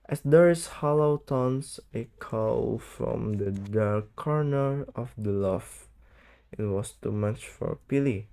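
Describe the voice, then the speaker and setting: A teenage student reads a classic novel aloud, slowly and carefully. His tone is mellow and soft, and he often stumbles over words or gets them wrong. It sounds like a school read-aloud, not a polished narration. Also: medium pitch, gravelly. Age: late teens. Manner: halting, misreads words, stumbles. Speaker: student reading an audiobook.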